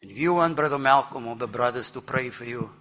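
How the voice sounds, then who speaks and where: A man's voice: mid-range voice, bright, forceful tone. An older man giving an earnest, emphatic testimony in a church service. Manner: earnest and emphatic, with slow deliberate phrasing. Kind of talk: sermon testimony.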